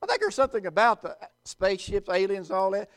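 A male pastor preaching with a very high, clear, smooth voice. He leans into his words, pausing for effect and swinging between loud and quiet. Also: big pitch swings. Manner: emphatic, with dramatic pauses and swings in volume. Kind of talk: sermon.

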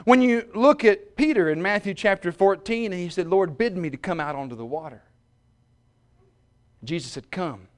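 A preacher man with a high voice that leaps around. He drops to quiet, self-mocking asides, then builds to shouted peaks. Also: expressive, moderate pace. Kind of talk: sermon.

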